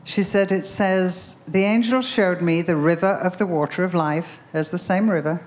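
A woman's voice: on the low side, moderate pace, darkish tone. A woman preaching a sermon, telling a story with emphatic repetition before leading a prayer. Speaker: speaker at a Bible conference.

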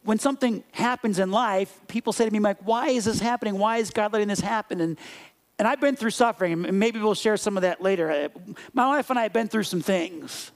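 A man preaching a sermon in an animated way, acting out little scenes and voices before dropping into soft, quiet reflection. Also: high-pitched, brisk. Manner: animated, acts out scenes and dialogue. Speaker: pastor.

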